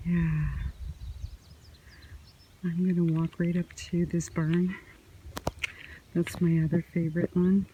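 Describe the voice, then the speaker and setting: A woman vlogging casually as she walks outdoors along a quiet country road, talking in a soft, musing way into a handheld phone. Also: lowish voice, level tone, phone-quality sound, slight background noise. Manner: slow, soft-spoken, musing. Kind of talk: casual walking vlog. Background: faint crickets and birds.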